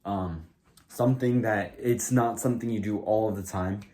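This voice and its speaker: A man's voice: fairly low pitch, moderate pace, mellow. A man giving casual advice to a camera in a rambling, filler-heavy way, full of "like" and restarts. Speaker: comedy video creator.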